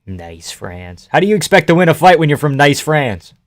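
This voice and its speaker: Profane excitable young man streaming. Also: fairly high pitch, fast. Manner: excitable, profane, laughing, yells at the screen. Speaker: streamer watching fights. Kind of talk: live reaction stream, casual profane chat.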